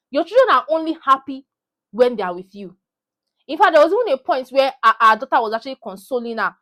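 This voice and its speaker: A young woman with a Nigerian accent rants about a film straight into her phone camera. Her voice sits a little high, and she drives her points home by saying them again and again. It has the loose, heated energy of a casual vlog. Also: a bit bright. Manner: heated, emphatic, repeats herself for emphasis. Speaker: vlogger. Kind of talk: animated movie rant.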